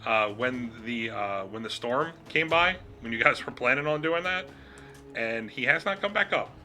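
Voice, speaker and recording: A man running a tabletop game as game master, relaxed and halting, with many fillers and frequent laughs. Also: mid-range voice.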